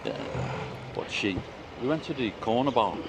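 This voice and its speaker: A man in his fifties with a mild Liverpool accent and a deep voice, chatting and telling stories while out walking. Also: very animated, moderate pace, a crowd in the background. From Liverpool, England. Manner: chatty storyteller, warm anecdotes. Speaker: vlog host. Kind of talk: casual chat while walking. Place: outdoors on a town street. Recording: outdoor street noise.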